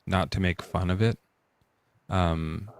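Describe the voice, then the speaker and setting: A man's voice: low voice, steady tone, slow, slight background noise. A man hosting a casual live chat, rambling with lots of fillers and laughing often. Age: adult parent. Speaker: host.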